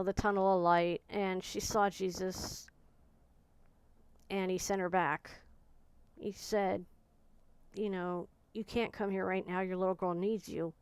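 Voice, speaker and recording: A woman in her forties speaking in a personal, reflective monologue, soft and searching, often pausing and restarting her sentences. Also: medium pitch, smooth, no room sound. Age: 40s. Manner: soft, searching, halting speech with frequent restarts. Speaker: vlogger.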